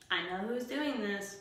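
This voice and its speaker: In a very echoey, bare indoor breezeway with glass doors and nobody else around, a young woman chats casually to her camera. Her voice is a little high, bright and forceful, with slight background noise. She laughs a lot and makes jokes at her own expense.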